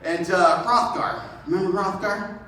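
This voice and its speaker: A man in his thirties doing solo stand-up storytelling in a theater, profane, rambling and animated. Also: high voice, measured pace, a little hiss or hum. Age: 30s. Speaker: comedian. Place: theater stage. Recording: echoey theater from a distance.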